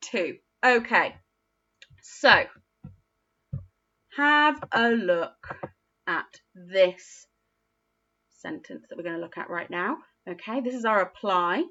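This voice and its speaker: A woman teaching a phonics lesson to young children, encouraging and sing-song, sounding out letters slowly and praising often. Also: on the high side, bright, forceful tone, dull audio. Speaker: primary school teacher.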